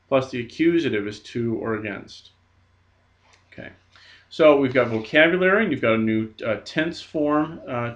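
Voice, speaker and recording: A man's voice: mid-range voice, a bit bright. A man teaching a recorded language lesson, patient and methodical with frequent fillers. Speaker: Greek teacher. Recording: dull lo-fi recording.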